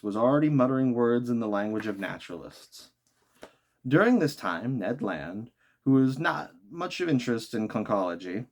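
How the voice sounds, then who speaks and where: A man's voice: medium pitch, darkish tone. A man reading a classic novel aloud as an audiobook, sometimes breaking off for chatty asides to viewers. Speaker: audiobook reader.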